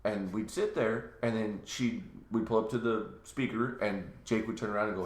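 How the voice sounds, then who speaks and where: A man's voice: on the low side, quick pace, hardly any pauses, roomy sound. A man chatting on a podcast, telling funny stories and acting out other people's voices. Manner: animated, acts out quoted voices. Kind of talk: casual storytelling chat.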